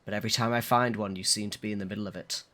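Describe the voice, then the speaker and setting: A man's voice: lowish voice, fairly even intonation, very fast, bright, forceful tone. A man reading aloud the lines of a suave young male scholar with formal, old-fashioned diction, as he plays a game on a live stream. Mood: wry.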